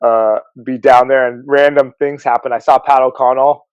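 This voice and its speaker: A man's voice: mid-range voice, steady tone, moderate pace, clear, resonant tone, no room sound, dull audio. A man who coaches at a surf camp, chatting as a guest in a laid-back way, laughing often and using surfer slang. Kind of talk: casual chat.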